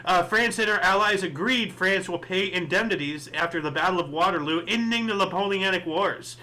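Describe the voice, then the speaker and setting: A man's voice: high voice, normal speed, bright, forceful tone. A man hosting a casual history podcast, reading dates and events and rambling into chatty asides with lots of fillers. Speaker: podcast host.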